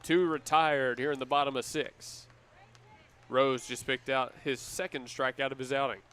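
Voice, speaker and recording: Guy calling a ball game live, mid voice, steady play calling. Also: medium pitch, clean tone. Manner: energetic, measured play-calling. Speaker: play-by-play announcer. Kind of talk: live baseball commentary.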